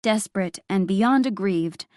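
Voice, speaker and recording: A woman's voice: mid-range voice, unhurried, a little mellow, no room sound, studio quality. Woman narrating a wry first-person audiobook.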